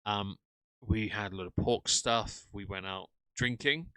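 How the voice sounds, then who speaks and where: A man's voice: on the low side, unhurried, bright, forceful tone, clean tone, no echo. Sarcastic man chatting on a live stream. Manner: chatty, sarcastic, greets chat by name. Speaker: streamer reacting to videos. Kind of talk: casual live-stream commentary.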